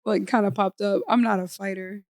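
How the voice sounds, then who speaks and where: A woman's voice: medium pitch, a little fast, no echo, clean studio sound. A young adult woman co-hosting a podcast, telling a story in casual chat, acting out other people's voices and leaning heavily on "like". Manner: animated, acts out quoted voices, frequent "like". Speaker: podcast co-host.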